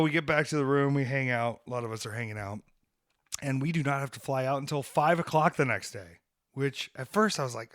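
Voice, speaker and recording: A man's voice: medium pitch, brisk, no echo, studio quality. Brash ranting man on a podcast. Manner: brash, ranting, comic trash talk. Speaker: podcast host and wrestler. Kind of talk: casual podcast chat.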